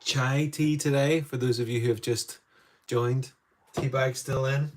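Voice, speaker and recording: A man's voice: medium pitch, steady tone, unhurried, a little hiss or hum. An Irish man teaching watercolour live, chatting to viewers with rambling asides while he paints in a studio. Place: indoor art studio.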